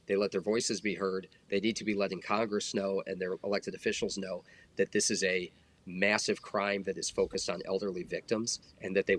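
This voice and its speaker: A man in his forties, a former federal agent, talking earnestly in a casual podcast conversation with many fillers. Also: low voice. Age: 40s.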